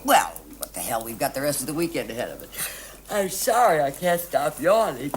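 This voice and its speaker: An actress playing a wealthy middle-aged hostess who rambles with fillers. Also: female voice, deep voice, big pitch swings, normal speed, a little hiss or hum. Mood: tired. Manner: chatty, rambling with many fillers.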